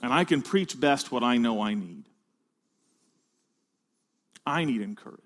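A man preaching a sermon to fellow pastors, rising to loud emphatic peaks and dropping to hushed phrases. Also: medium pitch, lively intonation, a little slow.

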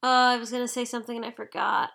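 A woman co-hosting a casual chat about anime, bubbly, excitable and quick to giggle. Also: on the high side, vocal fry.

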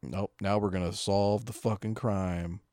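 A man's voice: fairly low pitch, fairly even intonation, a little slow, a little mellow, no echo, studio quality. A man co-hosting a casual movie commentary, laid-back, giving short replies and swearing casually. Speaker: co-host of a movie commentary podcast.

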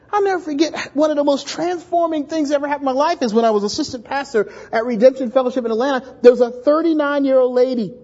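Animated male pastor preaching a sermon. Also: very high voice, highs cut off. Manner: animated, restarts words, acts out voices in stories.

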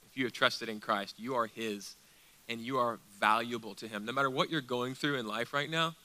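A man preaching a sermon as pastor, asking rhetorical questions and dropping into quiet, intense passages. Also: medium pitch.

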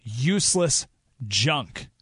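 Male radio host, storytelling monologue, animated delivery, dry studio sound. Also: medium pitch, drawn-out words, slightly rough, no room sound. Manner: animated storytelling, rising to excited emphasis.

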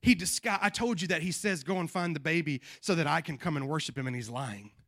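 A man preaching a sermon to a congregation, swinging between loud emphatic peaks and quiet, low passages, and calling on the people to answer back. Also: fairly quick, dry recording, studio quality. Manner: calls on the congregation to respond. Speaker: pastor.

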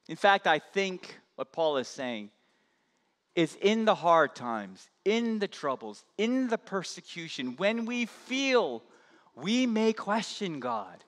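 A pastor preaching a sermon in an impassioned, emphatic way, building through repetition. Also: male voice, medium pitch, fairly bright tone. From United States. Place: church sanctuary. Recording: long hall reverb.

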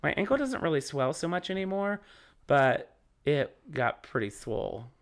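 A man in his late twenties chatting casually and telling a profane, animated story, acting out the people in it. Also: fairly high pitch, moderate pace. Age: late 20s.

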